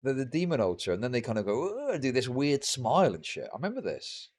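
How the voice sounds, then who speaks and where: A man's voice: mid-range voice, sing-song, fast talker, a little mellow. A young man streaming live reaction commentary, profane and mocking with sarcastic asides.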